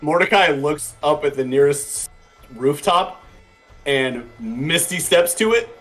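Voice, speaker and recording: A relaxed player with a mid-range voice calmly narrates their character's moves in a tabletop game. Faint music plays in the background. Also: medium pitch, slow. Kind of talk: playing a tabletop game over voice chat.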